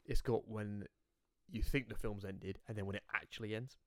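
A man's voice: on the low side, steady tone, moderate pace, fairly bright tone, no room sound. Man, podcast host, casual chat, fond of swearing, dry recording. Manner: laughs a lot, swears casually, quotes people in put-on voices.

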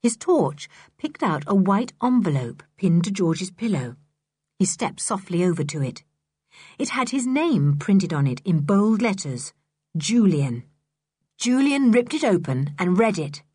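Expressive woman storybook narrator. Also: mid-range voice, a little slow, husky, dry recording, studio quality. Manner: expressive, animated reading. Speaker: audiobook narrator.

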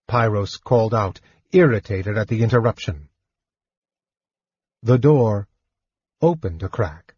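A man narrating an audiobook in an even, measured reading. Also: on the low side, breathy edge, no echo. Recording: dull, dry lo-fi recording.

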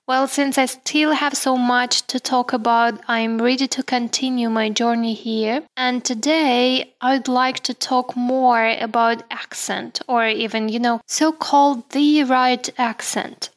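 A woman hosting a solo podcast who explains things in a measured way and speaks directly to her listeners. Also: on the high side, steady tone, soft background music. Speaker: podcast host.

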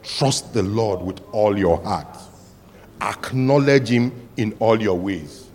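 A man preaching a sermon as pastor, telling stories and rising to loud cries. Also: lowish voice, slow.

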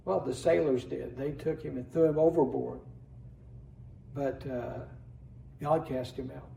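A man's voice: medium pitch, fairly even intonation, unhurried, gravelly, warm tone, a little hiss or hum. A man pastor preaching a sermon in a church, earnestly reading scripture aloud with rising emphasis. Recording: echoey room, voice from a distance.

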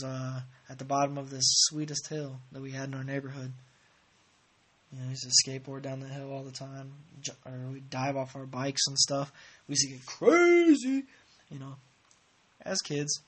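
A man's voice: mid-range voice, sharp tone. A man hosting a podcast, chatting in a rambling, laid-back way with chuckling asides. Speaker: podcast host. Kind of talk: casual rambling chat.

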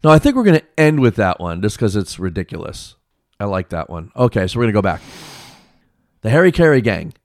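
A podcast host running a word-puzzle game, teasing the co-host, laughing often and reading clues deadpan. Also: low voice, a little fast, no room sound, studio quality. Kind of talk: casual podcast chat.

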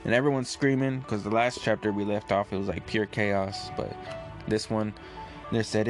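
A man with a fairly low voice talks through a comic chapter in a loose, rambling way, filling gaps with "you know" and "like". Faint music plays softly underneath him. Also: moderate pace. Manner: relaxed, rambling, many fillers. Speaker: comic reviewer. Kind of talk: casual chapter review.

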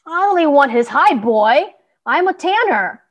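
A woman's voice: high voice, very animated, unhurried, pitched above the performer's own voice. Woman putting on a grown man tanner, curt, cold, blunt, storybook. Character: cold adult male tanner.

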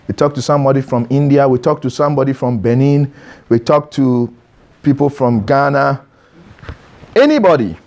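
A man's voice: medium pitch, moderate pace, darkish tone. A man preaching a sermon to young listeners, emphatic and repetitive, putting questions straight to the crowd in front of him. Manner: emphatic, repeats phrases, questions the listeners directly. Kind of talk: sermon to a youth audience.

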